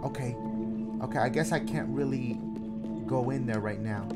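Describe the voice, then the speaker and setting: A man giving excitable, jokey let's-play commentary, slangy and talking to himself as he plays. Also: mid-range voice, normal speed. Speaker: gaming YouTuber. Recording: game music under the voice.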